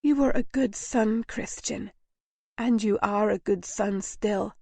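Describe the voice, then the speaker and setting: A woman reading a spirited young lady in a storybook, with a slightly raised, brisk delivery. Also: mid-range voice, creaky, warm tone, no echo. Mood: playful.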